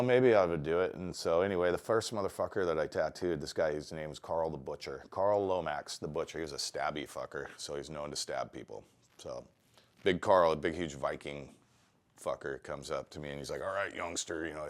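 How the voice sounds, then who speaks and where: A middle-aged man, a tattoo artist, telling rambling, profane stories in a casual interview. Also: rumbling low. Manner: profane, rambling, animated storytelling.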